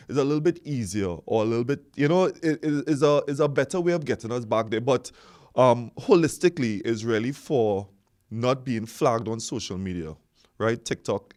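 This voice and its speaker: A man's voice: mid-range voice, a little mellow. Man, explaining. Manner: explanatory, checks in with "right?". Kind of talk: casual discussion.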